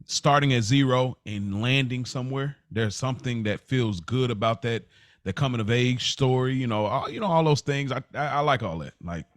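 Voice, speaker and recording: A man's voice: mid-range voice, normal speed, dry recording, studio quality. A man from the Midwest with a light Indianapolis accent, co-hosting a podcast in casual chat, rambling with lots of 'like'. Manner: rambling, filler-heavy with frequent 'like'. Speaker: podcast co-host.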